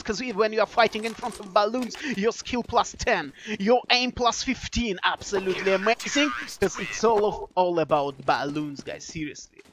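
A man giving live play-by-play commentary on a competitive shooter match. He is excitable and joking, repeats his phrases, and breaks into shouts at big plays. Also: sits high, normal speed, few pauses, background noise. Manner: repeats phrases, fillers, non-native English phrasing. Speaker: esports commentator.

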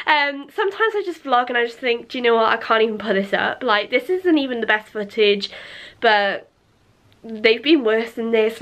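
A woman's voice: fairly high pitch, a bit bright. Chatty young woman vlogging. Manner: chatty, rambling, self-correcting. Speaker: lifestyle vlogger. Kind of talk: casual vlog chat to camera. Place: at home.

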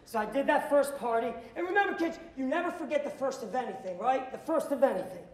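A man speaking as a motivational speaker to students, telling a story with lots of energy. He acts out the dialogue and now and then bursts into shouts. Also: extremely high pitch, expressive, fast talker, roomy sound. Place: school auditorium.

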